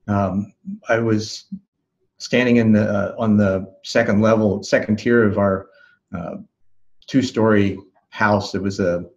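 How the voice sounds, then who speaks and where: A man being interviewed as a life coach, recounting a memory in a calm, thoughtful way with soft laughs and restarts. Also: lowish voice, muffled recording. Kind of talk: reflective interview storytelling.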